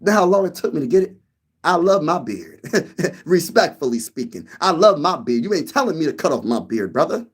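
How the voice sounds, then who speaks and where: A young man from Pennsylvania hosting a casual sports talk stream, slangy and animated, repeating lines for emphasis. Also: a little high, brisk, breathy edge. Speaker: sports show host. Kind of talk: casual live-stream chat.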